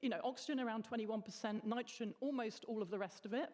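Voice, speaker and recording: A woman's voice: on the high side, fast talker, darkish tone. A woman chemist explaining in a casual panel chat, laughing now and then. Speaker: atmospheric chemist guest. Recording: reverberant hall.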